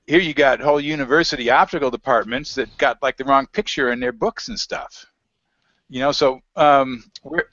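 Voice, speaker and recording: A man's voice: medium pitch, a bit bright, dry recording. Rambling man telling anecdotes, lo-fi. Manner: rambling, anecdotal, laughs often. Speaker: guest researcher. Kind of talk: casual conversation. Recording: dull lo-fi audio, dry.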